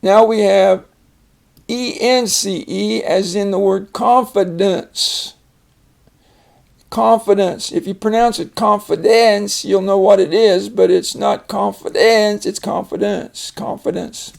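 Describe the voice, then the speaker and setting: An older man teaching a phonics lesson, explaining each word slowly and patiently. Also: sits high, fairly even intonation, creaky, a little mellow. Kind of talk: casual reading lesson.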